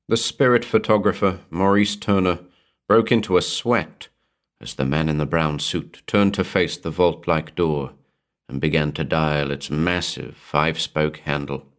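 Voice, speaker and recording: A man reading a horror story aloud in a measured, atmospheric storytelling manner. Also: very deep voice, steady tone. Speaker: narrator. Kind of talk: scripted horror narration.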